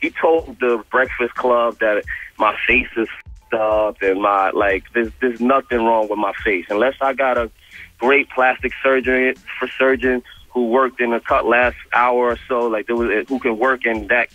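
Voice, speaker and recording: A man's voice: mid-range voice, normal speed. Man with a New York accent on a muffled radio call. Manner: animated, retells quotes in a slangy street style. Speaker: radio show guest. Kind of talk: casual storytelling on a call-in. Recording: muffled radio phone-in audio.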